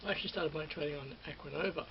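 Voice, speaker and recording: Middle-aged aussie guy rambling on, gravelly, somewhat high voice, dull recording w/ faint hiss. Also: rapid-fire. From Australia. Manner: rambling, repeats and corrects himself. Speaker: former ride operator reminiscing. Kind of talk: casual spoken reminiscence.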